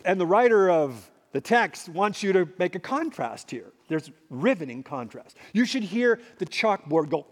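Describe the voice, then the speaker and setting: A man preaching a sermon as a pastor, emphatic, swinging between loud and hushed. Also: sits high, sing-song, a little slow. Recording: long hall reverb.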